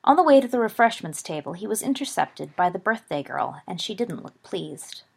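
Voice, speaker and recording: A woman narrating a story aloud with an even, steady reading. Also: mid-range voice, normal speed, creaky, slightly rough. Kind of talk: audiobook narration of fan fiction.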